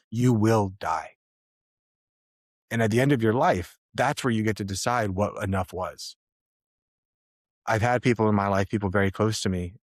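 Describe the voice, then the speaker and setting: A man with a lowish voice talks on a podcast, earnest and measured, turning over big questions with care. The sound is close and dry, with no room around it. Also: no echo. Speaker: podcast co-host. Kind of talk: reflective podcast talk.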